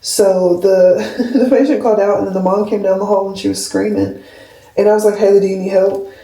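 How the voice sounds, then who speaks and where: A woman's voice: medium pitch, steady tone, fairly quick, warm tone. A woman in her twenties, a nurse, chatting casually to a camera about her week, rambling and heartfelt, with lots of "like". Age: 20s. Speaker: labor and delivery nurse, vlogger. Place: home room, camera on a skincare shelf. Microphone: camera mic at a distance. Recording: roomy, slightly distant camera audio.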